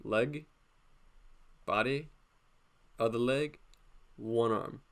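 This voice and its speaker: A man's voice: medium pitch, drawn-out words. A man hosting a drawing live stream, talking casually and playfully as he draws, often laughing.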